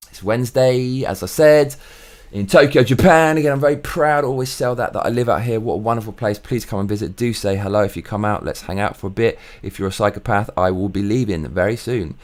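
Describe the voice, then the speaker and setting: Rambling, lower-voiced man vlogging. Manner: rambling, excitable, swears freely. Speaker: vlog host. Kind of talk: casual monologue. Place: home recording in Tokyo.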